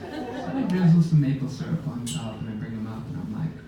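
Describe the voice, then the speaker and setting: A man casually telling an animated sailing story to a live audience aboard a ship, laughing as he goes. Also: mid-range voice, fairly quick, a crowd in the background. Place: lounge aboard a ship, indoors. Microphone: phone camera in the audience. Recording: very echoey room, distant mic, faint background noise.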